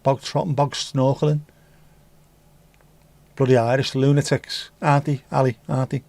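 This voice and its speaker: This livestream host is a man from England whose mid-range, darkish voice stays level as he talks at a moderate pace. He chats casually, reads out viewer comments, and wanders into jokey tangents while swearing freely. The recording is dry.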